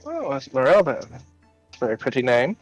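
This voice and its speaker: A man doing a smooth-talking cleric. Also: mid-range voice, wildly swooping pitch, normal speed, dry recording, muffled recording, soft background music. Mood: charming. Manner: confident, smooth, flirtatious. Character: smooth charming male human cleric.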